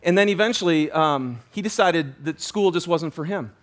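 A man preaching a sermon as pastor, telling a story with animated energy, often restarting and repeating words. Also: fairly high pitch, moderate pace.

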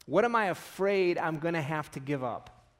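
Animated preaching man, slightly high voice. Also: normal speed. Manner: animated storytelling, acts out quoted voices. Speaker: pastor. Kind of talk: sermon.

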